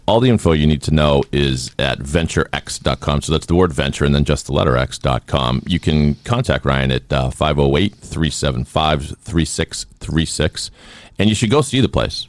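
A man from the Boston area hosting a podcast interview, chatting casually with many fillers and restarts. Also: a bass voice. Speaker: podcast host.

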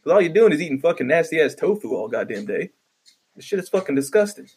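A man's voice: on the high side, sing-song, fast, darkish tone, slightly rough. A man delivering a profane, exasperated comedic rant with stammering restarts. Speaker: vlogger ranting.

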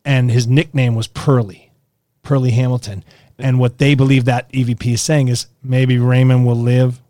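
A man hosting a podcast in casual chat, reacting excitedly to recordings he plays. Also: medium pitch, moderate pace, no echo. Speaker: podcast host.

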